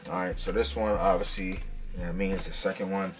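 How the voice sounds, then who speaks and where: A man talking casually and excitedly as he unboxes fitted hats for his vlog, full of slang. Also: low voice, fast talker, over music. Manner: excited slangy hype talk. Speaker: hat vlogger.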